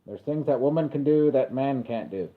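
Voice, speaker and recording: A man of ordinary pitch chats loosely through a livestream, reacting to a wrestling event as it happens. He rambles between thoughts and jumps in with excited shouts when a move lands. His voice comes through thin and tinny, like audio over a phone line. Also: normal speed. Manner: rambling and chatty, with sudden excited calls of the action. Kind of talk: casual live reaction commentary.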